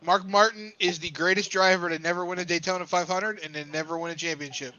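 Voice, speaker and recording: A man's voice: sits high, fairly even intonation, fast, pushed and bright. A man co-hosting a podcast, chatting casually about sports with emphatic, teasing remarks. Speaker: podcast co-host. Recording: muffled lo-fi audio.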